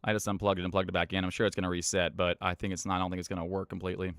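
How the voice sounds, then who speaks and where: A man's voice: low-pitched, flat delivery, racing, a bit bright, clean tone, dry recording, studio quality. A young man streaming, telling jokes in a loose, rambling way. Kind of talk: casual joke-telling on stream.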